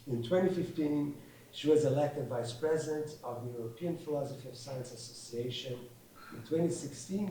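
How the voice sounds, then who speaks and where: A man, the host, reads out an introduction of the guest speaker, halting and correcting himself as he goes. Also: mid-range voice, warm tone. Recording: echoey and distant, faint background noise.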